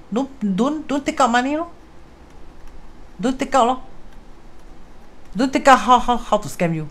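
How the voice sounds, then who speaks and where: A woman with a Singaporean English accent hosting a casual livestream chat, talking fast and loosely with viewers and dropping in Hokkien and Mandarin words. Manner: chatty, mixes in Hokkien and Mandarin words, acts out callers in high voices. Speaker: host, fortune-telling teacher.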